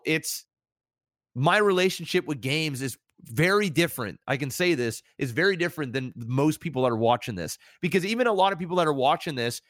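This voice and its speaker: A man's voice: dry recording, studio quality. A man in his thirties, a podcast co-host and streamer, talking candidly and reflectively in casual chat. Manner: candid, reflective, animated rises in pitch.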